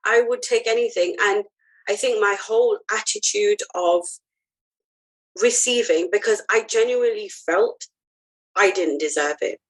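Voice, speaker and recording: A woman's voice: mid-range voice, a little slow, rough recording. A woman guest on a podcast, telling her personal story in an earnest, heartfelt way with frequent ums and restarts.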